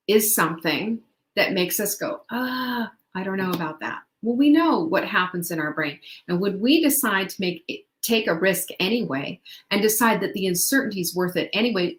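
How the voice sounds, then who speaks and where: A middle-aged woman hosting a motivational talk, chatty and upbeat, who laughs often and asks the listener questions. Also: lowish voice. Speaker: host. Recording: echoey room.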